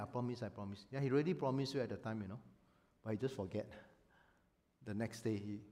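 A man preaching a sermon as a pastor, animated and emphatic, often acting out voices. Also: medium pitch.

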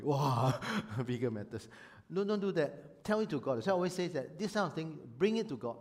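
Animated pastor, man. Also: medium pitch, brisk, few pauses. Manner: animated, emphatic, acts out quoted voices. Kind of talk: sermon.

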